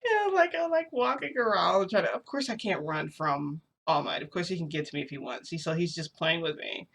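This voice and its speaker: A woman's voice: on the low side, expressive, fairly quick, vocal fry, a bit bright. Woman rambling through a story on her vlog, lots of likes and ums. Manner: chatty, rambling, many fillers. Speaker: vlogger.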